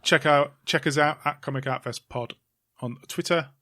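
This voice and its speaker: A man's voice: a little high, fairly even intonation, normal speed, sharp tone. A man from England co-hosting a casual podcast chat, reading out lists of names in a dry, offhand way. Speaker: podcast co-host.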